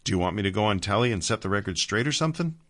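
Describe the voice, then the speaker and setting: A man's voice: on the low side, animated, rapid-fire, fairly bright tone, voice pushed up. A man voicing a blunt, wry man brought back from death, speaking.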